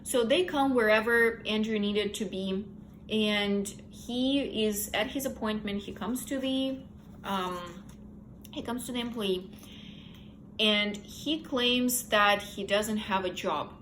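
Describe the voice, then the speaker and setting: A woman's voice: mid-range voice, slow, fairly bright tone, slight background noise, rough recording. A young woman casually recapping a novel's plot in her own words, candid and opinionated. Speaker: book reviewer. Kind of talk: casual book review chat.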